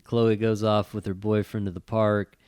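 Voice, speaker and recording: On a casual chat show, a middle-aged co-host tells a story with plenty of swearing and acted-out quotes, delivered with an animated storyteller's flair. His fairly low, smooth voice moves at normal speed, and the studio-quality recording has no room sound.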